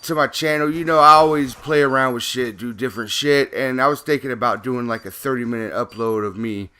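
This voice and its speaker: Bright-voiced man ranting profanely. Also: medium pitch, a little fast, clean tone. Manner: profane, rambling, heated. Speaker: gaming YouTuber. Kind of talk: casual ranting commentary.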